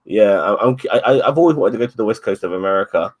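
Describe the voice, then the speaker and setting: A man's voice: fairly low pitch, fast talker, slightly rough. A man chatting casually as podcast co-host, rambling, swearing a lot and stumbling over repeated words. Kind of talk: casual chat.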